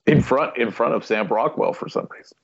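A man's voice: medium pitch, a little fast, gravelly, slightly rough. A man in a casual movie chat, giving blunt, profane opinions. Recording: dull lo-fi sound.

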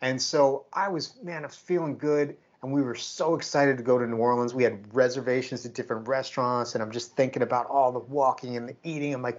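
A man co-hosting a podcast tells a story in casual chat, animatedly acting out the back-and-forth of what people said. He talks fast at medium pitch with hardly any pauses, and the recording has its highs cut off.

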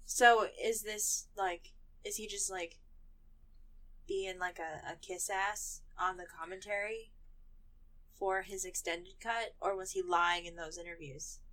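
A woman's voice: lowish voice, steady tone, takes it slowly, a bit bright. A young woman co-hosting a casual podcast chat, laughing often and trailing off with fillers. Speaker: podcast co-host.

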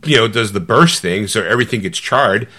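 Animated man retelling a movie plot. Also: on the low side, brisk. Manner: animated storytelling, slipping into quoted voices; loose, rambling with fillers and restarts. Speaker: podcast co-host.

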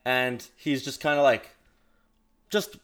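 A young man hosting a podcast, telling a dating story in animated casual chat and swearing often. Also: medium pitch, takes it slowly. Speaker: podcast host.

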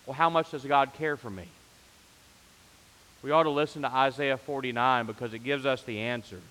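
A man's voice: mid-range voice, fairly even intonation, normal speed, bright, forceful tone, long reverb tail, rough recording. A man pastor preaching a sermon, rising to fervent emphasis on repeated phrases.

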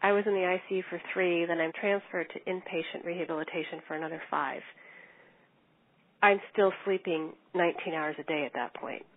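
A middle-aged woman telling her own recovery story in an earnest, measured way with small restarts. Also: lowish voice, steady tone. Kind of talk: personal storytelling. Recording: tinny phone-like line.

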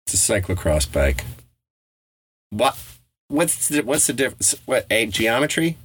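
A man's voice: mid-range voice, very animated, a little slow, a bit bright, husky. A middle-aged man co-hosting a podcast in casual chat, blunt and profane, laughing often. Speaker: podcast co-host.

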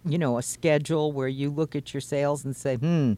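A man hosting a radio show, calmly recapping the guest's points in casual conversation. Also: a little high, brisk.

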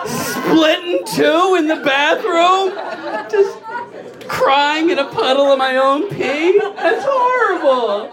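High-voiced laughing stand-up comedian man. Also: animated, slow. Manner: laughing storyteller, acts out quotes with sudden high squeals. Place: comedy club stage with live audience. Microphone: handheld microphone. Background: crowd laughing.

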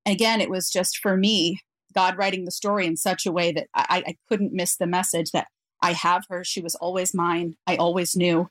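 A woman guest on an interview podcast, telling a personal story in an earnest, reflective way with frequent pauses. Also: lowish voice, flat delivery, dry recording.

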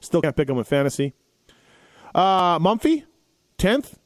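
A man hosts a casual racing podcast, rambling and correcting himself as he reads out race results. His voice is high with big pitch swings, at a measured pace, in a dry recording.

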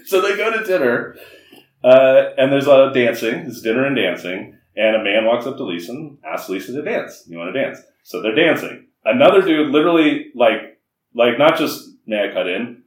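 Animated man recapping a movie, echoey. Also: medium pitch, brisk. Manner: animated, laughing, acts out characters' lines. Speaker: podcast co-host. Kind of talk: casual movie recap chat. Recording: echoey room, voice a bit far from mic.

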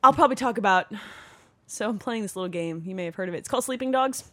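A woman's voice: medium pitch, lively intonation, fast talker, bright, forceful tone, no echo. A woman in her thirties co-hosting a podcast, telling stories in casual chat, swearing freely and laughing often. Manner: profane, laughing, storytelling. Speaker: podcast co-host.

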